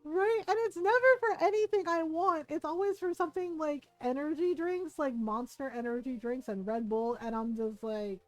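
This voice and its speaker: A woman's voice: sits high, normal speed, hardly any pauses, dry recording. A middle-aged woman streamer chatting casually while gaming, laughing often and swearing freely.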